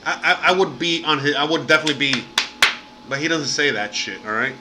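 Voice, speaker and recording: A livestream host with a fairly high, expressive voice chats casually at a brisk pace, rambling and swearing freely with heavy use of fillers. Background noise is audible throughout.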